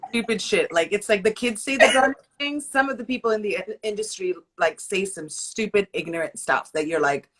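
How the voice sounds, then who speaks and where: A woman's voice: medium pitch, brisk, hardly any pauses. A young woman guest in a casual interview, telling personal stories and acting out what people said. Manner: expressive, acts out quotes in stories. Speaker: guest, model and stylist. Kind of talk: casual chat.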